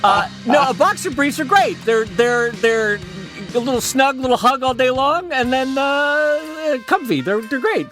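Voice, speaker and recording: A man's voice: very high voice, lively intonation, measured pace, few pauses, fairly bright tone, soft background music. A man co-hosting a podcast in casual chat, joking and self-mocking while in pain from a hurt back, talking from a small closet at home. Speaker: podcast co-host.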